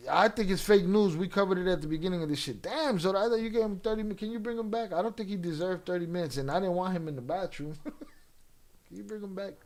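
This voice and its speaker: This livestream host talks fast in a high-pitched, slightly mellow voice. He keeps things casual with viewers, ribbing them through loose and vulgar banter.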